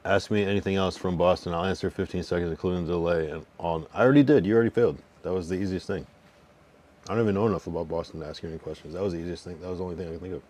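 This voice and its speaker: Speaking in a level, darkish low register, a young male streamer aims slangy trash talk at his chat while reading and answering messages. He teases and swears in a rambling way, with restarts and drawn-out counts.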